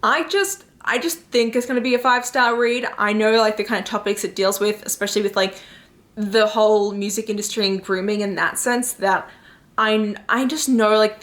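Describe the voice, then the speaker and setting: A woman talking casually to camera as a book vlogger, chatty and excitable, filling her talk with fillers. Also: mid-range voice. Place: home in New York.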